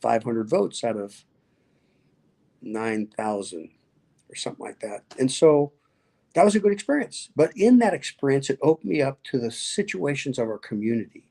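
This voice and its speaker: Gravelly-voiced man telling lively stories. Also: medium pitch, normal speed. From Nevada. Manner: lively, acts out quoted voices, laughs often. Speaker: guest, pastor and speaker. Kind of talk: animated storytelling interview.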